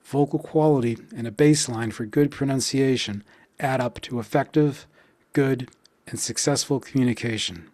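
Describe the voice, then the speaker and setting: A man's voice: medium pitch, no echo. Dry-voiced man teaching pronunciation. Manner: deliberate, spells out stress beats slowly when counting. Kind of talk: instructional explanation with slow practice drills.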